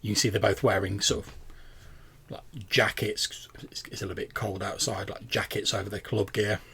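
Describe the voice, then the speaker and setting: Male game master, gravelly voice, hesitant narration of a tabletop game. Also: fairly low pitch, little pitch movement, a bit bright. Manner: halting, filler-heavy narration with many restarts.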